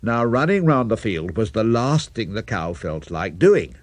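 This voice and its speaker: A man's voice: on the low side, sing-song, unhurried, no room sound. An older man telling a children's story, playful and speaking directly to young listeners.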